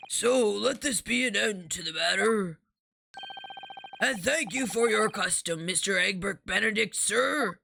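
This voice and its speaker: A woman's voice: medium pitch, lively intonation, measured pace, creaky, pushed and bright, slight background noise, heavily acted. A woman doing a polite, fussy pawnbroker. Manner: courteous, deferential, says sir a lot. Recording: game music behind the voice.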